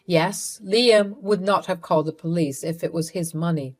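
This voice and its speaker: A woman narrating a first-person story in a measured, coolly resentful way. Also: fairly low pitch, a little mellow.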